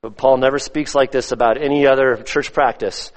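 A man's voice: mid-range voice, steady tone, fairly quick. Emphatic male preacher in reverberant hall. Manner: emphatic preaching that swells and drops. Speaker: pastor. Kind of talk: sermon. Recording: long reverb of a large hall.

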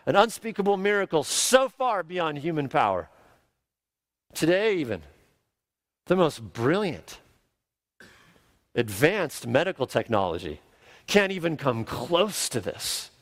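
A man's voice: a little high, no room sound. A man preaching a sermon, emphatic and repeating key words for stress. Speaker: pastor.

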